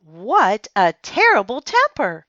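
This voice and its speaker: A woman's voice: a little high, huge pitch swings, slow pace, sharp tone, no room sound, highs cut off, voice pushed up, heavily acted. A woman doing a polite, earnest young boy.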